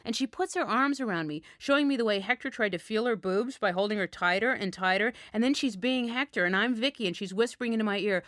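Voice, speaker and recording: A woman telling a first-person story in a frank, wry, deadpan way. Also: mid-range voice, fairly quick, hardly any pauses, dry recording, clean studio sound.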